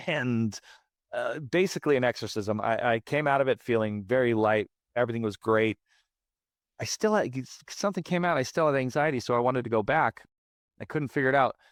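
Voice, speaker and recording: A man's voice: mid-range voice, clear, resonant tone, dry recording, clean studio sound. A man in his late thirties, a podcast guest, telling a raw personal story in a candid, profane, emphatic way, often repeating his words. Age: late 30s. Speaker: podcast guest, band frontman.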